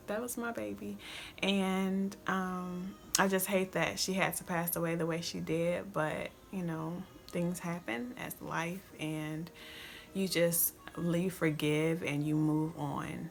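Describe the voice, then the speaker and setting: Soft-spoken woman vlogger, reflective. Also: on the low side, gravelly. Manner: soft, reflective, halting with restarts. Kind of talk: story-time vlog to camera.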